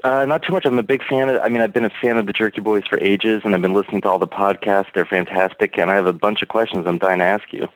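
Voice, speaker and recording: A man's voice: lowish voice, fairly even intonation, quick pace, hardly any pauses, no echo, rough recording. A male caller on a podcast, talking in a rambling, hedging way full of fillers. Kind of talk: casual call-in chat.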